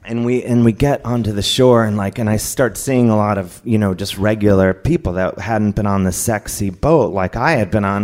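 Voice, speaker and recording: A man telling a comic personal story on stage, lively and laughing, acting out other people's lines. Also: lowish voice, normal speed. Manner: animated, laughing, acts out voices of others. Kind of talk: live comedic storytelling.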